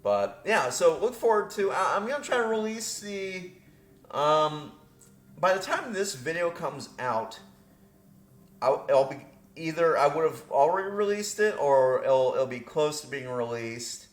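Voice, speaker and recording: A man's voice: fairly high pitch, animated, a little slow. Rambling, laughing man in an echoey room. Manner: rambling, self-deprecating, laughs often. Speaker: game channel host. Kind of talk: gameplay commentary. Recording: roomy echo with faint music.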